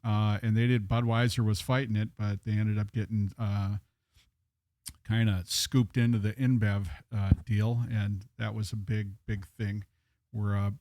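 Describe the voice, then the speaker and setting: A man talks casually on a podcast, rambling through stories with fillers. His voice sits a little low. The sound is dry and close to the mic. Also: little pitch movement, unhurried, a little mellow, no room sound. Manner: storytelling, chatty with fillers. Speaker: guest bartender.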